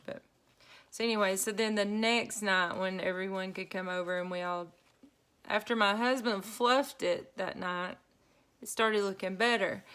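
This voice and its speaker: A middle-aged woman telling a story casually while she crafts, chatty and quick to laugh, with lots of y'all. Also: mid-range voice, fairly bright tone. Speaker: craft vlogger.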